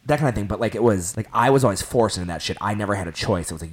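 A young man talks in a low register, co-hosting a casual podcast. He speaks with lively energy and leans on "like" fillers between his thoughts. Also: racing. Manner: animated, lots of "like" fillers. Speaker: podcast co-host. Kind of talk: casual chat.

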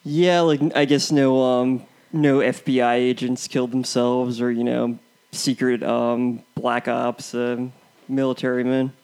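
Brief: young male co-host, casual film-review chatter, halting and rambling delivery, mid-pitched. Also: little pitch movement, a little mellow, clean tone. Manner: rambling, hesitant, full of ums and restarts. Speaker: co-host of a movie review show.

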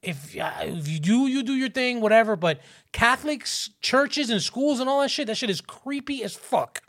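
A man in his thirties telling a story in casual chat, animated and profane, acting out other people's voices. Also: moderate pace. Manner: animated, profane, acts out voices with big pitch jumps.

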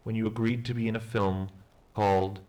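Male interviewer, lowish voice, calm and formal, reads out career highlights. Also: background noise. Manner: measured and formal. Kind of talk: mock interview.

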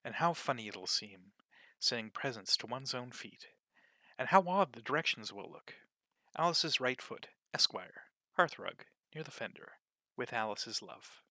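Little girl, flustered, wondering to herself, put on by a man, bright tone, storybook reading. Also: mid-range voice, animated, a little slow, no echo, exaggerated voice. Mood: fretful. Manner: wondering, fretful talking to herself. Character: curious, easily flustered young girl.

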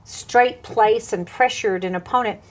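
A woman with a drawl and a slightly high voice talks as a Christian minister on a talk show. She tells stories with animation, laughs often and acts out other people's voices. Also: measured pace. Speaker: TV and radio minister.

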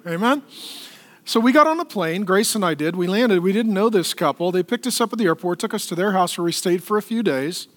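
A middle-aged man, a pastor, preaching a sermon in a conversational, animated way and joking with the congregation. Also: sits high, fairly quick. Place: church auditorium. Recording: long reverb of a large hall.

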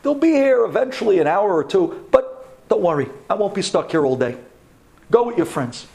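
A man voicing a gentle, reassuring middle-aged father who speaks softly. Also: high voice, big pitch swings, moderate pace, vocal fry, full character voice.

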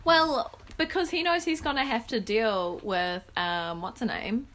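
A woman co-hosting a casual book-club podcast, animated and often acting out characters' lines. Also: a little high, measured pace. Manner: animated, quotes characters in put-on voices. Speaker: podcast co-host.

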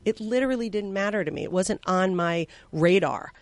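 A woman's voice: medium pitch, creaky, dry recording. Emotional woman telling a heartfelt story. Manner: heartfelt, emotional, with many fillers; swings from slow and soft to loud and excited. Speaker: guest. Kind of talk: personal storytelling.

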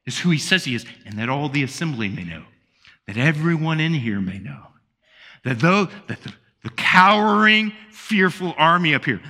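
A man's voice: a little high, sing-song, measured pace, bright, forceful tone. A male pastor preaching a sermon with emphatic delivery, sometimes acting out the people in his story. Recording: long hall reverb.

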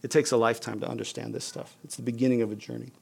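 Male pastor, casual conversational sermon, mid pitch, gravelly. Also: flat delivery, very fast, darkish tone. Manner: conversational, casual with fillers like "you guys" and "like".

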